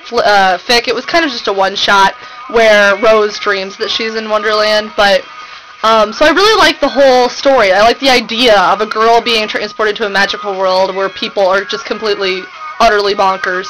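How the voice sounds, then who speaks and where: Gushing young woman vlogging, bright voice. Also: medium pitch, steady tone, moderate pace, faint music behind, rough recording. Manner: gushing, breathless, rambling with fillers. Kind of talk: excited fangirl vlog chat. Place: home room.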